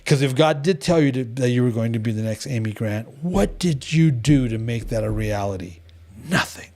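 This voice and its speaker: Animated, blunt storytelling man. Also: mid-range voice, moderate pace. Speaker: devotional group leader. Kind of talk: casual teaching talk.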